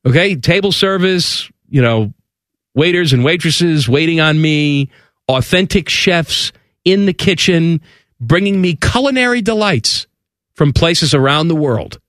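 A man's voice: on the high side, animated, a little slow, fairly bright tone, dry recording, studio quality. A man co-hosting a radio show, reading a letter aloud and mocking it incredulously. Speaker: radio co-host. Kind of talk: casual chat, reading aloud.

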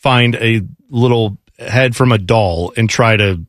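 A man's voice: lowish voice, unhurried, no room sound, clean studio sound. A man co-hosting a podcast, teasing his partner and joking in casual sports banter. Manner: teasing, mimics accents for laughs. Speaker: podcast co-host.

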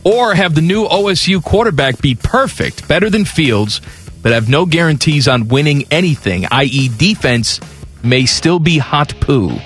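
A man co-hosting sports talk radio on a studio mic, reading listener questions and cracking jokes. His voice sits a bit high and swings around lively, with a faint music bed underneath. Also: normal speed. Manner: jokey, reads listener questions aloud. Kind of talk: casual radio banter.

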